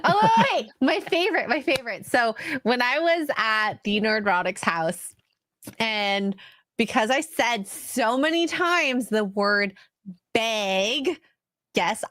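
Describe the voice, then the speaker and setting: A woman's voice: on the high side, animated, a little slow, fairly bright tone, no room sound, studio quality. A woman from Canada with a Canadian accent, chatting as a guest streamer on a podcast, bubbly and self-deprecating. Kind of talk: casual podcast chat.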